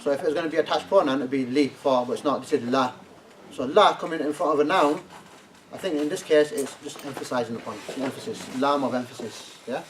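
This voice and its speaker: Speaking fast at a medium pitch, an Arabic teacher runs his lesson by asking students to translate and checking in with a frequent "yeah?" The classroom recording is distant, with faint noise.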